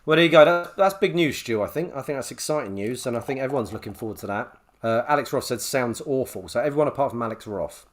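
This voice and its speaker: A man's voice: medium pitch, lively intonation, fast, hardly any pauses. A man co-hosting a casual podcast chat, laughing often and reading out listener comments. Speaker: podcast co-host.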